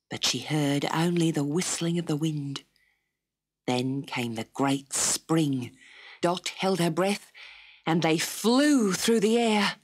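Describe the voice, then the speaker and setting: A woman narrating a children's storybook in an expressive, measured way. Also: on the low side, husky.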